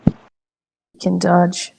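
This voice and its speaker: A woman's voice: warm tone, a little hiss or hum, poor audio. A woman playing a tabletop role-playing game, talking through her plans in an easygoing way. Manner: easygoing, unhurried planning talk. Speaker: player. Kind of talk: casual tabletop play.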